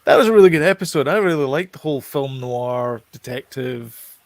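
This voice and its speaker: A man hosting a casual podcast chat. He rambles with restarts and gets animated when he quotes people. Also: medium pitch, fairly quick, no echo. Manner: chatty, animated retelling with quoted voices. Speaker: podcast host.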